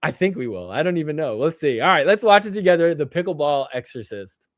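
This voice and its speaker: A young man hosting a casual live stream, reacting to clips with excitement and frequent laughter. His voice sits a little high, and the sound is dry and close, with no room around it. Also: fast, dry recording. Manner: excitable, joking, laughs often. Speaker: livestream show host.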